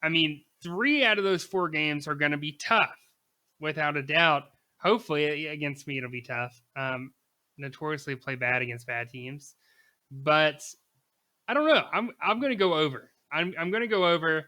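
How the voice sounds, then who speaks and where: Young man, casual podcast co-host, very bright forceful voice, slightly high, emphatic and animated. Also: normal speed. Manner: animated, emphatic, laughs easily. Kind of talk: casual sports podcast chat.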